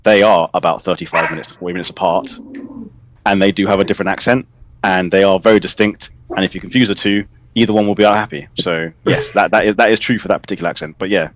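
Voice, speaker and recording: A man's voice: sits low, steady tone, quick pace. A man with a southeast English accent hosting a casual livestream chat, teasing and chatty. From England. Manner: teasing, chatty, laughs a lot. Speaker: livestream host.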